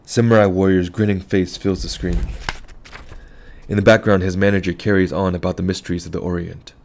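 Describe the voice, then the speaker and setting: A man with a notably deep voice narrates a literary short story in the first person. His reading is calm, measured and reflective. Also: slight background noise. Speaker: audiobook narrator.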